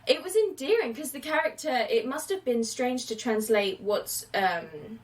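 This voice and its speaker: A woman in her late twenties chatting casually as the host of a film podcast, with lots of fillers and lively asides. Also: a little high, measured pace, recorded from a distance, poor audio. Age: late 20s. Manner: chatty, animated, many fillers and quoted asides.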